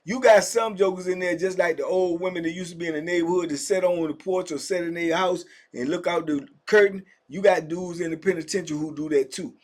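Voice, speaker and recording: A middle-aged man spins a prison story in loose, slangy talk, calling out to his listeners as he goes. His voice sits noticeably high for a man. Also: brisk, few pauses. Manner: animated, slangy, addresses listeners directly. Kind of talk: casual storytelling.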